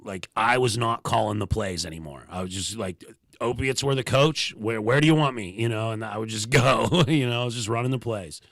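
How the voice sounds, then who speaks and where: A man's voice: on the low side, brisk, a bit bright, no echo. A man, a stand-up comedian, chatting casually as a podcast guest, telling loose stories with slangy asides and laughs. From Pittsburgh, USA.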